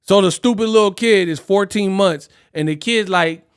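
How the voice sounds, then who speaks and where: A man's voice: high voice, normal speed, clean tone. A man hosting a live stream, ranting animatedly in casual talk and laughing often. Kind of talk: casual reaction rant.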